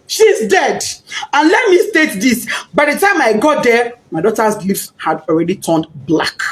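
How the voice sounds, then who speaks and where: A middle-aged Nigerian woman speaks in an impassioned interview, her voice high and swinging widely in pitch. She pleads, presses and repeats her words as a grieving mother. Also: sing-song, moderate pace. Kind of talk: emotional interview testimony.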